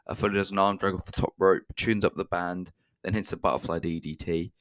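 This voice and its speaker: A man's voice: sits low, fairly even intonation, a little fast, a bit bright, clean tone, dry recording. A British man casually reviewing a wrestling show, with dry sarcastic asides and frequent ums.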